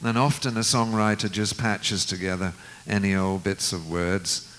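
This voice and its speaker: A man in his seventies, a guest musician, telling an anecdote in an unhurried way and acting out the quoted dialogue. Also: sits low, steady tone, fairly bright tone, poor audio. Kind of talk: anecdotal storytelling.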